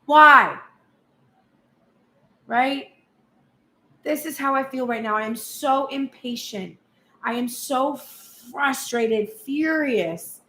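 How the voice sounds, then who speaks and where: A woman's voice: high voice, slow. A woman tarot reader giving a channeled reading, speaking heatedly in first person as someone's partner. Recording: roomy echo, faint background hum.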